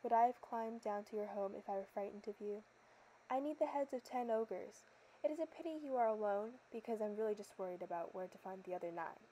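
A woman's voice: medium pitch, animated, a little fast, mellow, a little hiss or hum, natural voice, rough recording. A woman voicing a bold, clever young male hero while reading a storybook tale. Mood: proud. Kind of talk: storybook narration.

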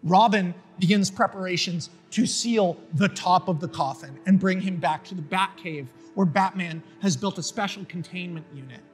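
Excitable high-voiced man pitching a story. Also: normal speed, hardly any pauses, long reverb tail, soft background music. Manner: excitable, profane, animated. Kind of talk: casual spoken story pitch.

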